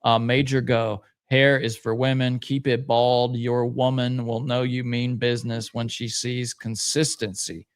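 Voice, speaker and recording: Smooth-voiced man reading comments. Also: medium pitch, level tone, a little slow, hardly any pauses. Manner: hesitant, many uhs, laid-back. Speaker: podcast co-host. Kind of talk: reading viewer comments aloud.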